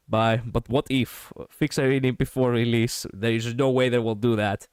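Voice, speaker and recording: A man's voice: medium pitch, fairly even intonation, normal speed, few pauses, clean tone, no echo, studio quality. A man streaming, reacting to a show in loose, joking, rambling chat.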